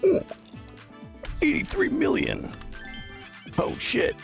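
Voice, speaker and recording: A man streaming a video game in casual chat, his voice strained and roughened from yelling, reacting aloud and answering chat. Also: very high-pitched, huge pitch swings, slow pace, soft background music.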